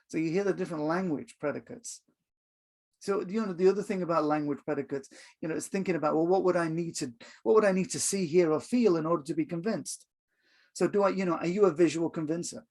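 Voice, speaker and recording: Gravelly-voiced man teaching a video lesson. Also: fairly high pitch, quick pace, a little mellow. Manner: conversational, with many fillers and acted-out examples. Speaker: HR communication coach. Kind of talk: online course video lesson.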